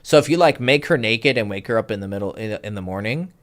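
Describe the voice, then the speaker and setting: A man's voice: fairly low pitch, expressive, quick pace. A man talking as a dating coach in a casual livestream Q&A, rambling with lots of fillers and swearing freely. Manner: rambling, filler-heavy, profane.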